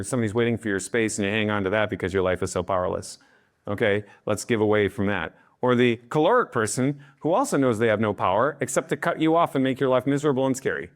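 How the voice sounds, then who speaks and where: Animated man who keeps asking "okay?". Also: mid-range voice. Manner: acts out other people's voices, often asks "Okay?". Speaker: speaker on influence and leadership. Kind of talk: lively talk to a live audience.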